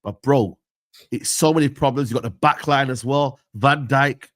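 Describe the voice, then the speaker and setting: A man's voice: medium pitch, moderate pace. A young man, ranting about football in a heated casual debate, full of slang. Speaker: football pundit and United fan.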